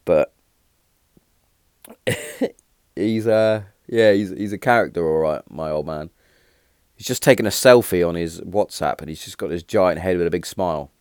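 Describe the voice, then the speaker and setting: Deep-voiced man telling stories. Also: moderate pace, long pauses, clear, resonant tone, no echo, studio quality. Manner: rambling, animated when telling a punchline, frequent restarts and fillers. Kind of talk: casual storytelling.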